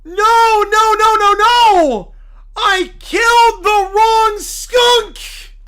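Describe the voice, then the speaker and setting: A woman voicing a furious male bear cult leader who shouts and wails melodramatically. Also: very high-pitched, extremely slow, pitched above the performer's own voice, heavily acted. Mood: despairing.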